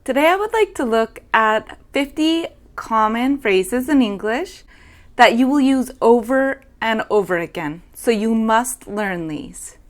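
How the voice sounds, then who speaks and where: A young woman hosting an English lesson, saying everyday phrases slowly and carefully for learners. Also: on the high side, expressive. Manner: slow, careful demonstration of phrases. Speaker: English teacher. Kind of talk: language lesson.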